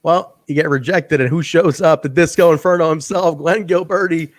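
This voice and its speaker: Old wrestling shows are the subject as this male podcast host chats with enthusiasm, often restarting himself. His voice is a little high, his speed normal, and there's no echo.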